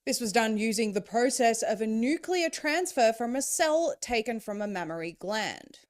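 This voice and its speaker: A woman's voice: a little high, lively intonation, moderate pace. A woman giving scripted, informative narration in an explanatory manner.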